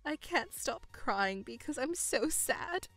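A woman's voice: sits high, lively intonation, slow, a bit bright, soft background music, heavily acted. A woman voicing a self-pitying, controlling middle-aged mother who whines and stammers in outbursts, in a dramatized story. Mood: wailing.

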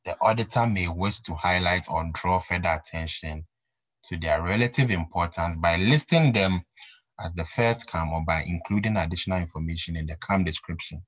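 A man with a very low, deep voice teaching an exam-prep accounting class. He drives points home by repeating them and asking his listeners whether the idea is clear. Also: normal speed, fairly bright tone, dry recording, poor audio. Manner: repeats key points for emphasis, asks rhetorical questions. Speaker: accounting lecturer. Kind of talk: recorded exam-prep lecture.

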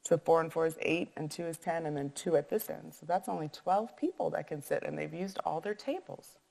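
A woman teacher reading a picture book aloud and pausing to count and ask math questions in an echoey room. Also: deep voice, vocal fry, a little mellow.

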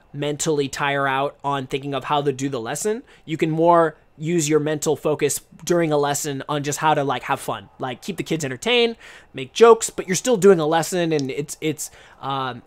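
Chatty young man, slightly high voice. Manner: rambling, chatty, frequent restarts. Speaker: podcast host. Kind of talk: casual live-stream podcast chat.

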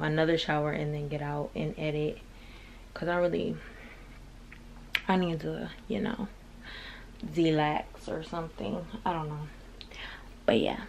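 A woman's voice: mid-range voice, a bit bright. Blunt, chatty young woman vlogging at home. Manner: chatty, blunt, swears freely, slangy. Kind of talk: casual chat to camera. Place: at home, just out of bed.

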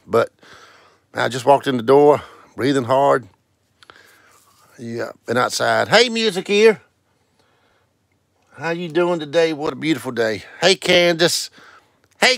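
A man's voice: a little high, gravelly, fairly bright tone, no echo, studio quality. A man hosting a casual live stream, greeting viewers one by one in a sing-song way and calling out scratch-ticket numbers. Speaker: livestream host.

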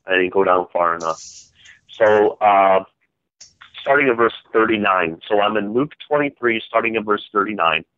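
A fairly low-pitched male host runs a call-in Bible study at normal speed, posing questions to listeners and prompting responses. The audio is dull, dry lo-fi with no room sound.

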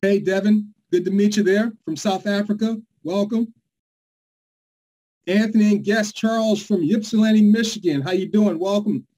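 A man's voice: high voice, moderate pace, dark tone, rough recording. A man from New York hosting a live online presentation, upbeat and hyped as he greets viewers by name. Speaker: webinar host.

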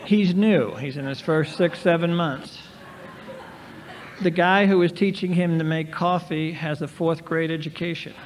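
A man in his sixties addresses a recovery meeting in a large convention hall, telling stories with dry, self-mocking humor. His fairly high voice holds a steady tone and moves a little slowly, preserved on reverberant 1990s tape with a faint hiss.

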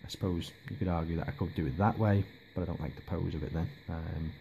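Male vlogger, mellow and low, hesitant, casual rambling delivery. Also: fairly even intonation, fast, gravelly, slight background noise. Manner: hesitant, lots of ums and restarts. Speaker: miniature hobby vlogger.

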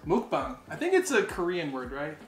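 Chatty excitable man in a roomy echo. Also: on the high side, normal speed. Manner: chatty and excitable, filler-heavy. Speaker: co-host. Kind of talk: casual eating vlog chat. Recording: roomy echo with music behind.

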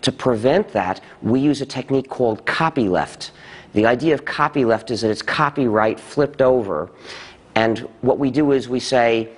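A man explaining deliberately in a documentary interview, his pitch jumping up when he stresses a point. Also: big-room sound. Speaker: interviewee, software movement founder.

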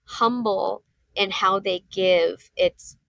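A woman in her thirties, a podcast guest, telling a story in casual conversation and acting out what people said with lively jumps in her voice. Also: slow pace, vocal fry. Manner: animated, acts out quotes with jumps in pitch.

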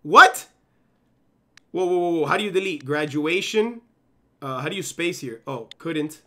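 A gaming streamer in his twenties plays live, chatting excitably with viewers at normal speed in a voice on the high side. Fidgety, he keeps saying "yo" and constantly cuts himself off with "hold up."

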